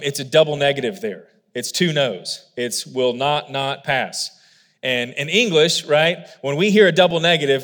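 A man preaching a sermon, explaining scripture earnestly and emphatically, with frequent asides to the congregation. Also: high-pitched. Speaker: pastor. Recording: long hall reverb.

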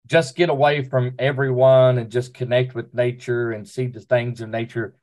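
Male pastor guest, Southern US accent, relaxed and halting, mid voice. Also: medium pitch. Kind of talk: casual chat.

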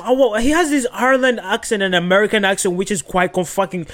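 A young man with a notably high voice talks through a reality-show recap as a podcast host. He is animated and swears freely, leaning on fillers and "yo" between thoughts. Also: fast. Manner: animated, profane, heavy on fillers and "yo".

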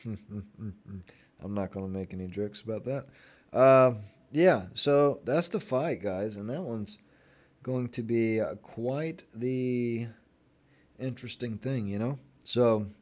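A man's voice: mid-range voice, slow, darkish tone. A young man from Florida in a casual vlog chat, rambling and sarcastic, full of fillers. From Florida, United States. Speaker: vlogger.

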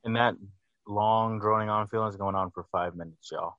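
A man's voice: on the low side, fairly even intonation, moderate pace, fairly bright tone, dry recording, muffled recording. A man co-hosting a casual album review, critical and hesitant, correcting himself often.

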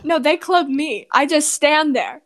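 A woman's voice: high voice, lively intonation, unhurried, heavy background noise. A teenage woman, a guest on a casual podcast, telling stories in a giggly, laid-back way. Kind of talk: casual chat.

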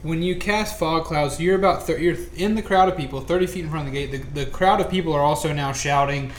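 A man's voice: fairly high pitch, fast talker. A man running a tabletop game as game master, narrating with many fillers and restarts. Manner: hesitant, filler-heavy narration. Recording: roomy echo, faint room noise.

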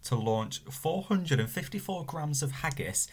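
A young man chatting casually on a podcast, hesitant and deadpan, with many fillers as he reads out news. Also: a little high, unhurried, breathy edge. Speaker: podcast co-host. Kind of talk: casual chat, reading news aloud.

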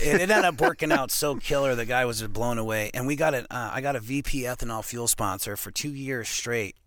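A man from Montana, a professional arm wrestler, telling a long casual story as a podcast guest, rambling and animated with lots of "you know what I mean". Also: mid-range voice, clean tone, no room sound. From Montana, USA.

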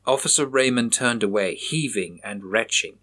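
A man reading a horror story aloud in a measured, grave manner. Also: on the low side, fairly bright tone. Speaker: narrator.

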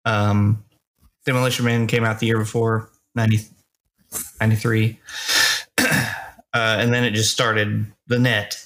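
A man co-hosting a casual movie review podcast, relaxed and hesitant, with lots of pauses and restarts. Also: fairly low pitch. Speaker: podcast co-host.

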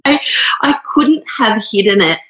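A woman's voice: mid-range voice, animated, unhurried, muffled recording. A woman in her thirties telling a personal story in a casual, earnest, rambling way with many fillers, emotional and near tears. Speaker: speaker sharing a personal story. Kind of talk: casual heartfelt monologue.

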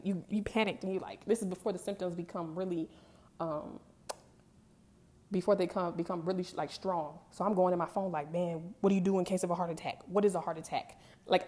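Candid young woman, low mellow voice. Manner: candid, conversational, emphatic. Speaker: vlogger. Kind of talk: casual storytelling to camera.

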